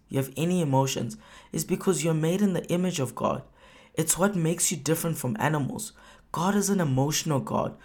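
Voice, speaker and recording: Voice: mid-range voice, a little mellow. A preacher giving a sermon in an emphatic manner, asking rhetorical questions and acting out quoted prayers with feeling.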